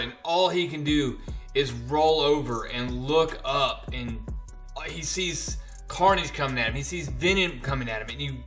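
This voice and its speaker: A man chatting casually as he recaps comic book issues, telling the story in an animated way. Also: medium pitch.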